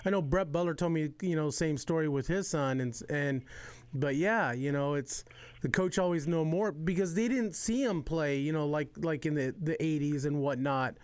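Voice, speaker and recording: Easygoing guy host, says "you know" a lot, smooth resonant voice. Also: fairly high pitch, normal speed, no echo. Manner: relaxed, leans on "you know". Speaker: podcast host. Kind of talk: casual chat.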